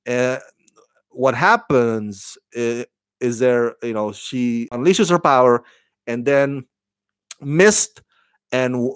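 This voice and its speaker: A man's voice: medium pitch, clear, resonant tone, no room sound, clean studio sound. A man giving a casual, rambling review of a TV show, with lots of fillers and restarts.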